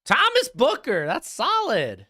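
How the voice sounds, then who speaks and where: A man's voice: extremely high pitch, wildly swooping pitch, takes it slowly, sharp tone. A young man hosting a live stream, casually commenting on draft picks and answering his chat. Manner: chatty, answers chat questions, offhand opinions.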